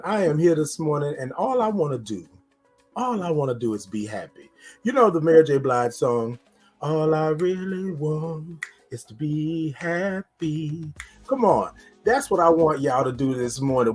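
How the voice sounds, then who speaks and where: A man's voice: fairly high pitch, a little mellow, husky. A man hosting a casual morning livestream, upbeat, greeting viewers in the chat by name. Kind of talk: casual live-stream talk to viewers.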